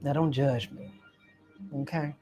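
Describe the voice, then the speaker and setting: A woman's voice: low voice, steady tone, a little slow, music in the background. A woman telling a personal story, dramatic and vivid, acting out each scene and calling the listener honey. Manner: dramatic, acts out scenes and voices.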